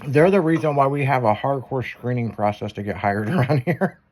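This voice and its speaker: A man's voice: medium pitch, fairly quick, darkish tone. A man hosting a chat show, telling crude stories and laughing as he goes. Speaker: show host. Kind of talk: casual profane chat show banter.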